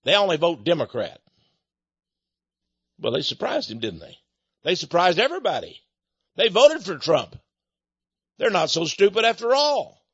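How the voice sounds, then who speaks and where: A man delivering an impassioned monologue, indignant, with loud angry outbursts. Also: high-pitched, sing-song, normal speed, long pauses, slightly rough, no echo. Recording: dry, dull lo-fi recording.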